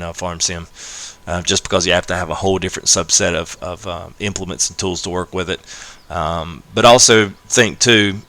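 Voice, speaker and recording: A man live-streaming a farming game, explaining casually with many fillers and greeting chat, his voice a little hoarse. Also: low-pitched, dry recording. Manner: rambling, many fillers, friendly shout-outs to chat. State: slightly hoarse.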